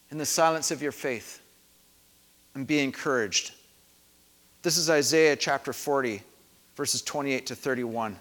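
A man preaching a sermon in a church, calm and reflective, dropping soft and then leading the congregation in loud shouted responses. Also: a little high. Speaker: pastor. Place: church sanctuary. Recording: echoey hall.

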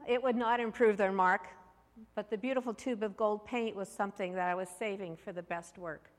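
A woman's voice: medium pitch, fairly even intonation, fairly quick. A woman giving a candid, self-mocking personal testimony talk, full of fillers and asides. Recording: long hall reverb.

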